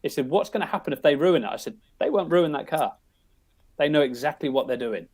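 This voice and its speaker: A man's voice: a little high, expressive, fast talker, a little mellow. Middle-aged english guy rambling thru family stories, lots of you knows and restarts. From England. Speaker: guest. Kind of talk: casual storytelling.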